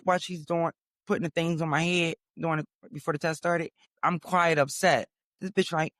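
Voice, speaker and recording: High voice guy, ranting dramatic story, lots of cussing, dead dry sound. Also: normal speed, no room sound. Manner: animated, profane, dramatic storytelling. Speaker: podcast host. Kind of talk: storytelling monologue.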